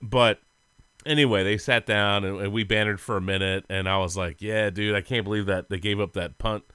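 A man's voice: fairly low pitch, steady tone, fairly quick, sharp tone, smooth, no room sound. A man co-hosting a sports podcast, telling rambling, goofy stories in casual chat and laughing often. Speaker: podcast co-host.

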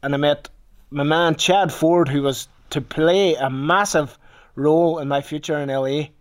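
Man, Northern Irish accent, somewhat high voice, casual storytelling, frequent swearing. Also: steady tone, a little slow. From Northern Ireland. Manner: swears freely, rambling anecdote with restarts.

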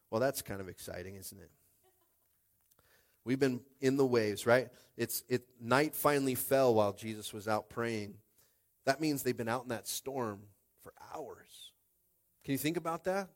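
A male pastor giving a lively, conversational sermon, often calling out to the congregation and swinging between hushed and shouted lines. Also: medium pitch, moderate pace, pauses often.

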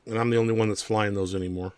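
Low-voiced man fumbling a read. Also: fairly even intonation, very fast, clean tone, no room sound. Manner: stumbling, self-mocking. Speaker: podcast co-host. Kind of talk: reading a list, casual.

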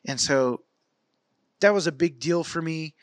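A man with a fairly high voice speaks at a measured pace in a casual fitness vlog, recorded clean with no room sound. His long story about training rambles along, animated, with lots of fillers and false starts.

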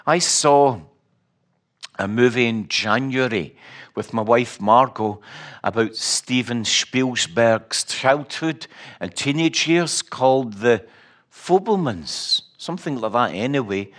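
A man's voice: medium pitch, slow pace, fairly bright tone. A middle-aged Scottish man preaching a sermon, telling stories with wry humor and emphatic repetition. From Scotland.

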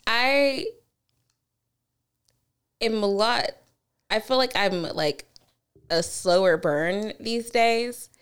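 A woman's voice: mid-range voice, drawn-out words, long pauses, clean tone. Frank, swearing woman in casual chat. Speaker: podcast co-host.

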